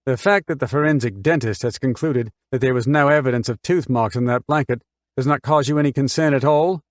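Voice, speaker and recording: A cool, formal barrister, as a male narrator reads him puts measured questions one after another. His tone is probing and controlled. The recording is dry and close-miked. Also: medium pitch, dry recording, lightly acted.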